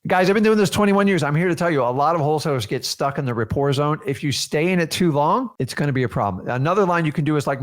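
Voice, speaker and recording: A man's voice: fairly high pitch, animated, quick pace, hardly any pauses. A man teaching a seminar as a real estate coach, talking energetically to his students and firing off rhetorical questions.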